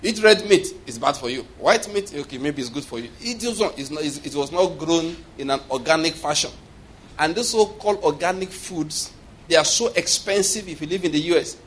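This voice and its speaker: A man delivers a lively sermon in a fairly high voice, joking and laughing as he goes. He throws questions to his congregation and waits for their replies. A faint hiss of background noise sits under the recording. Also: brisk. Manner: humorous, call-and-response with congregation, laughing often. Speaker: preacher.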